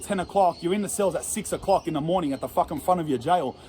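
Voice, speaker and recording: A man's voice: on the high side, fast, darkish tone, slightly rough. A man with an Australian accent telling a rambling, profane story in casual slang and laughing at himself. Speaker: storyteller in an interview clip.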